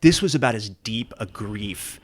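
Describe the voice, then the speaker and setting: A man speaking as a podcast guest in an earnest, halting way, often restarting his sentences. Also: lowish voice, animated. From United States. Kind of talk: casual interview. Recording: podcast interview.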